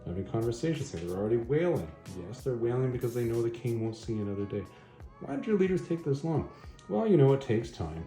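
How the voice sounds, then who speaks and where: Lively, deep-toned man reviewing comics. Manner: animated, chatty retelling of a story. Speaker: comic book reviewer, channel host. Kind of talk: casual video review. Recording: roomy echo, faint music.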